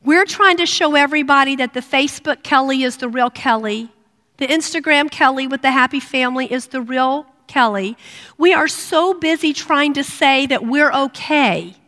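A middle-aged woman giving a sermon to women, earnest and personal, dropping to a hush when she voices prayers. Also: high voice, normal speed. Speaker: women's ministry speaker. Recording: long reverb of a hall.

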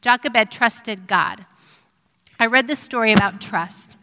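A middle-aged woman giving an earnest, reflective devotional sermon, pausing with ums. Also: fairly high pitch, bright, forceful tone. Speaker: speaker giving a devotional talk. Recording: long reverb of a hall.

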